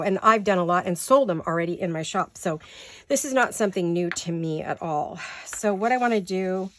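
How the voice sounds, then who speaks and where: A woman's voice: medium pitch, a little hiss or hum. Tired chatty woman crafting at home. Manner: chatty, rambling, loses her words. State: tired and a little out of breath. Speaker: craft vlogger. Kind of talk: casual craft tutorial chat.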